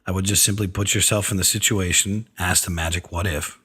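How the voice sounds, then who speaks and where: Deep husky man giving blunt advice. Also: fairly even intonation, a little fast, pushed and bright. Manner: frank, wry, blunt advice to actors. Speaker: film director and acting coach, radio segment host. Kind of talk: advice segment on a radio show.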